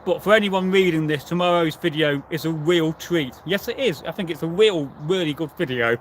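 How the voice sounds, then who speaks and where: A man who hosts a history channel answers viewers during a casual live chat, rambling along with plenty of fillers and restarts. His voice is fairly high and his pace moderate, with a little background noise.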